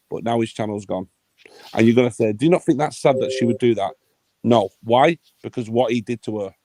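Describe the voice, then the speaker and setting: A man's voice: mid-range voice, warm tone, no room sound. A man hosting a livestream, ranting in a heated, sweary, blunt way. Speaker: livestream host.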